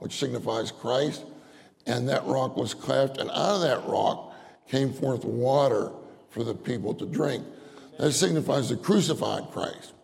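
A man preaching a sermon with a gravelly voice, earnestly repeating key phrases and lifting his pitch when he urges the listeners. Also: darkish tone. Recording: long hall reverb.

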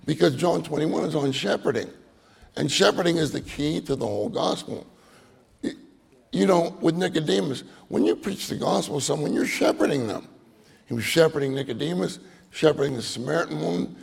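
Guy preaching, gravelly husky voice, kinda stop-start, lots of "right?", echoey church hall. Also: fairly high pitch, animated. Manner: halting, repeats words, asks the audience "right?". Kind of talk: conversational sermon.

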